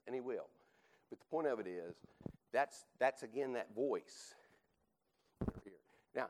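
A man's voice: mid-range voice, darkish tone, slight background noise, poor audio. Emphatic male Bible class teacher. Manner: emphatic, repeats points, rhetorical "right?". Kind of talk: teaching sermon.

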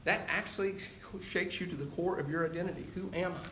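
A man's voice: sits high, brisk, sharp tone, a little hiss or hum. Echoey older male preacher. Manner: conversational, emphatic preaching with rising bursts. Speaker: pastor. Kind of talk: sermon. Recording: very echoey hall, heard from a distance.

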